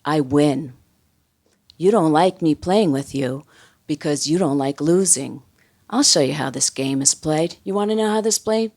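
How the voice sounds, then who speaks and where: A woman voicing an agitated older man at a card table, combative and shouting, as she tells a story on stage. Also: sits low, unhurried. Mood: belligerent.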